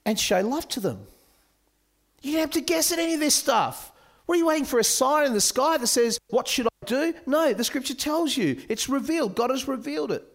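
A man giving a sermon at a youth camp, animated and joking with his listeners. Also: extremely high pitch, a little fast. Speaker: camp speaker.

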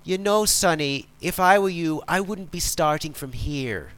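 A man's voice: fairly high pitch, animated, measured pace, fairly bright tone, clear, resonant tone, pitched above the performer's own voice. A man voicing a rambling, indecisive old Irish farmer in a clumsy put-on Irish accent that keeps changing its mind. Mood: dithering.

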